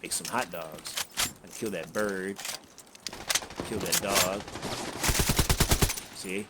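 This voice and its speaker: Deep and fairly even in intonation, this gameplay commentator takes it slowly as he rambles casually through his play, chuckling and cursing freely. Background noise is clearly audible.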